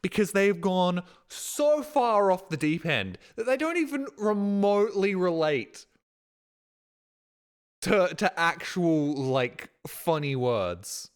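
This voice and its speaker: Male streamer, casual ranting commentary, unhurried, pitch swings a lot. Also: big pitch swings, smooth. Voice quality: rambly, swearing, laughs often, mock-outraged.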